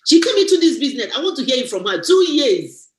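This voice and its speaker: A woman gives a motivational testimony on a live stream, sounding preachy and exclaiming as she goes. Her voice sits high and swings widely in pitch. The room around her is roomy and echoey. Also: quick pace, a little hiss or hum. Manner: animated and preachy, exclaims and teases. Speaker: guest speaker.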